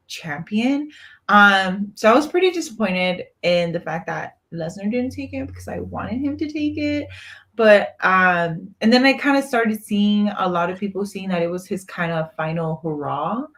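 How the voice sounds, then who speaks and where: Animated woman chatting about wrestling. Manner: animated, laughing, swings up in pitch. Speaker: podcast co-host. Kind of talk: casual wrestling chat.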